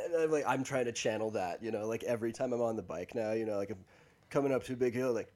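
A man co-hosting a podcast in casual chat, joking and talking quickly with lots of false starts. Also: mid-range voice, expressive, darkish tone. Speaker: podcast co-host.

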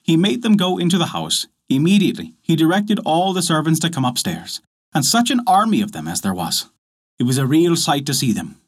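Male storyteller, expressive folk tale narration, lively animated pitch, slightly high voice. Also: brisk, husky.

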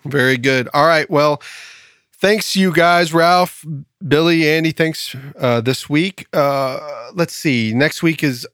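A man hosting a podcast, chatting casually and telling jokes in an animated way, often laughing. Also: fairly high pitch, slow pace, clear, resonant tone, no room sound, studio quality. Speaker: podcast host. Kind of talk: casual chat and joke telling.

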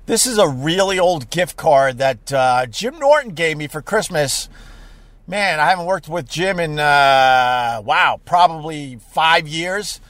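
A man talking to his viewers from a parked car, telling a story in a casual, rambling way with many fillers and sudden loud outbursts. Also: a little high, lively intonation, measured pace, no room sound. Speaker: live streamer.

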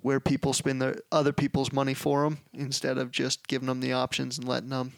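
A man's voice: medium pitch, monotone, fairly quick, vocal fry, no room sound. A young man hosting a podcast, explaining his business approach in earnest casual chat with loose phrasing. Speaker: podcast host, business owner.

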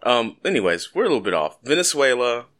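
A man's voice: mid-range voice, sing-song, fast talker, a bit bright. A man co-hosting a podcast in casual, joking chat, swearing freely. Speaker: podcast co-host.

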